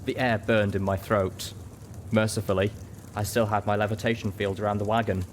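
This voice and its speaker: A man narrating a story in first person with a steady, dramatic reading. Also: lowish voice, a little fast, slight background noise. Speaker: audiobook reader.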